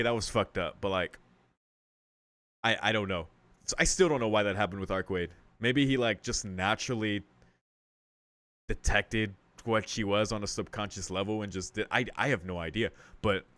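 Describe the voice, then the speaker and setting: A man's voice: fairly low pitch, fairly bright tone, no echo. A young man hosting a let's play, reading a visual novel aloud and rambling through casual, profane commentary. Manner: rambling and profane, full of "like" and "dude".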